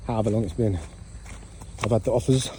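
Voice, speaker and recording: A man's voice: on the low side, fairly even intonation, a little fast, noisy background. A man with a British English accent, rambling in a casual, self-mocking way as a travel vlogger while walking outdoors at night. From England, raised there from about age four. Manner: chatty, self-mocking, drifts between topics. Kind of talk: casual rambling vlog talk. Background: crickets and insects.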